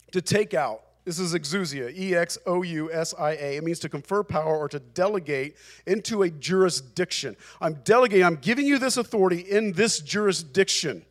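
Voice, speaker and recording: A male pastor preaching a sermon, emphatic and repeating phrases for emphasis. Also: high-pitched.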